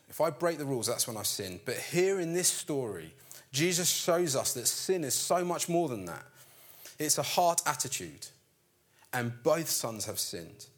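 A man preaching a sermon in an animated storytelling way, acting out the characters' lines. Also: mid-range voice.

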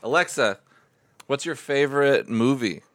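A man's voice: medium pitch, animated, measured pace, fairly bright tone, no echo. A male podcast host in playful casual chat, quizzing a smart speaker.

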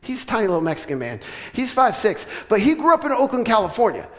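High-voiced preacher man in a big hall. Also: quick pace. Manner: animated, joking, with laughs and sudden loud preaching. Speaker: pastor. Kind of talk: sermon with storytelling. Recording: long reverb of a large hall.

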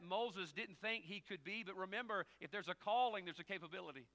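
A male pastor preaching a sermon, telling humorous stories and jumping from quiet asides to loud, high exclamations. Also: lively intonation, moderate pace. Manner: humorous storytelling with acted dialogue.

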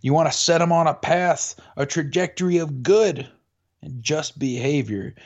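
A man's voice: fairly high pitch, normal speed. Man telling a rambling story, lo-fi. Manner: rambling storyteller, many fillers and restarts. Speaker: podcast co-host. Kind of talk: casual chat. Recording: dull lo-fi audio.

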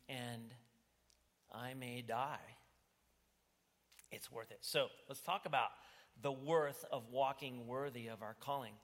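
A man's voice: on the high side, fairly bright tone. A man preaching a sermon as pastor, earnest and pleading, rising to emphatic bursts. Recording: reverberant church hall.

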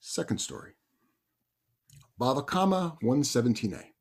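A man who is a rabbi, telling stories in a conversational, animated sermon. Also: medium pitch, a little slow, breathy edge. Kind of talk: sermon storytelling.

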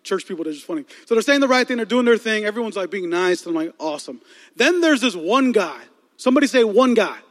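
High-pitched pastor preaching, cracking jokes to the crowd, big echoey hall. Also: male voice. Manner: storytelling with comic asides to the congregation. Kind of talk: sermon. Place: large church hall. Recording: long hall reverb.

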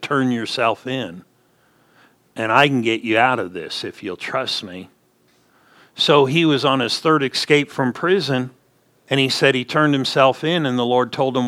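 Male pastor, mid-pitched, folksy sermon storyteller with emphatic swells. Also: fairly bright tone. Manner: folksy storytelling preacher, rising emphatic punches.

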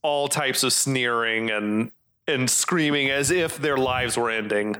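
A man's voice: medium pitch, bright, forceful tone, clear, resonant tone. A man co-hosting a podcast, chatting and joking about a movie. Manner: joking, chatty, quick to laugh along. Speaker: podcast co-host. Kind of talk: casual movie recap chat.

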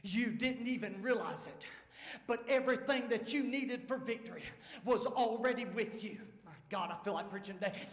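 High-voiced pastor preaching in a hall. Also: male voice, normal speed. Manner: dramatic preaching, swinging from shouts to hushed tones. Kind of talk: sermon. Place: large church sanctuary. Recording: echoey hall with long reverb.

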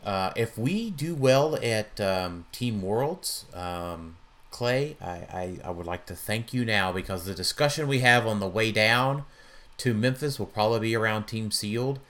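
Halting low-voiced man in casual chat. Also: animated, fairly bright tone. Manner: halting, many fillers and restarts, agreeable. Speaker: podcast co-host. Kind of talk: casual chat about a tabletop miniatures game.

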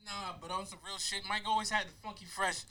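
A man, co-hosting a podcast in casual chat, teasing his friend and breaking into fits of high laughter. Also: fairly even intonation, fast talker, sharp tone. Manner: roasting, bursts into high-pitched laughter. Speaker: podcast co-host.

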